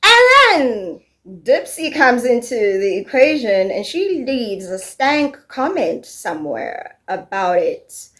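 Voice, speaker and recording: A woman with a high voice gives casual online commentary, blunt and profane. Her delivery is sarcastic and quick to mock. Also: sing-song, fairly bright tone. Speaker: commentary YouTuber.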